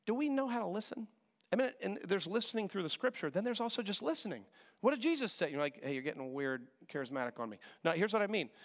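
A man preaching a sermon as pastor, animated and repetitive, acting out voices when he quotes people. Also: high-pitched. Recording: long hall reverb.

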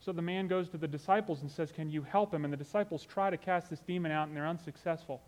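Male preacher, slightly high voice, chatty and sincere sermon delivery. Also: quick pace, a little mellow, long reverb tail. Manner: conversational and earnest, with asides like "you know".

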